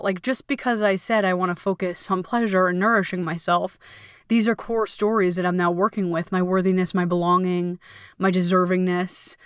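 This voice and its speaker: A woman's voice: mid-range voice, clean tone, no room sound, studio quality. A woman coach hosting a solo podcast, talking candidly and emotionally and swearing freely.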